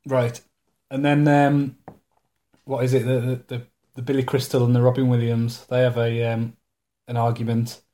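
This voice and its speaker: Guy on a podcast, middling pitch, sarcastic and sweary, keeps laughing. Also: completely flat delivery, normal speed, mellow. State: recovering from an ear infection. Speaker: podcast co-host. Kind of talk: casual banter about a TV episode.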